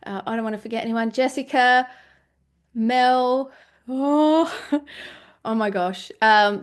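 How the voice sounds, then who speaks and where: Chatty woman podcast host, slightly high voice. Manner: chatty, heartfelt and rambling. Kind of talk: casual solo monologue.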